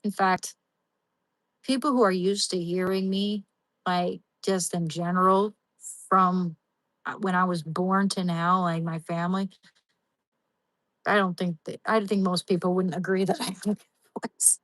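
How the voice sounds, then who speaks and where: A woman's voice: fairly low pitch, fairly even intonation, a little slow, pauses often, a bit bright, no room sound, poor audio. Young woman livestream host, casual and rambling, talking to her chat. Dry, close sound. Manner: talks to chat viewers by name, rambling with many restarts.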